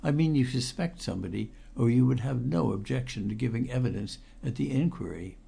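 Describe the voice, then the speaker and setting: A man reading the part of a suspicious, blunt police detective with a Highland accent in an audiobook. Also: animated, a little fast, creaky, dark tone, slightly rough, exaggerated voice. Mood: probing. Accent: Scottish Highland. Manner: probing, blunt questioning. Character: big fair-haired Scottish police detective, suspicious.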